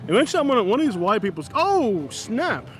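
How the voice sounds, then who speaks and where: A man's voice: high voice, big pitch swings, fairly quick, a bit bright, soft background music. A man live-streaming outdoors on a busy street, joking with chat and mock-scolding passing drivers. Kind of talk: live-stream vlog, commenting on passers-by.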